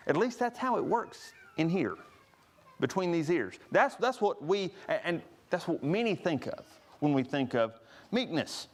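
A man's voice: fairly high pitch, very animated, a little slow. A man preaching a sermon, earnest, rising to stress each scripture he quotes. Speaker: pastor.

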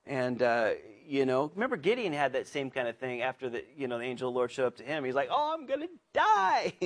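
A man's voice: medium pitch, fast, few pauses. A man teaching a Bible study in a chatty, earnest way, full of asides and restarts. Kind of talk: conversational sermon.

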